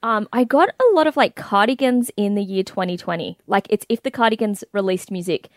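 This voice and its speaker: A woman's voice: mid-range voice, expressive, a little fast, no echo, clean studio sound. A woman co-hosting a podcast, chatting about music in a bubbly, gushing way with lots of fillers. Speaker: podcast co-host. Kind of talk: casual music chat.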